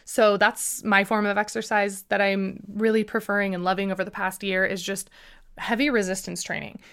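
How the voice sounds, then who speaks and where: A woman's voice: mid-range voice, little pitch movement, moderate pace, a bit bright, smooth. A young woman from the United States hosting a casual podcast, chatty and gushing, with lots of fillers. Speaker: podcast host.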